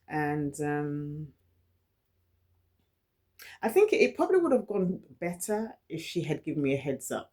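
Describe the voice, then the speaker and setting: A London woman with a deep, slightly mellow voice and a London accent speaks candidly to camera in a personal vlog. She stutters, repeats words and restarts phrases, but stays earnest and encouraging as she reflects.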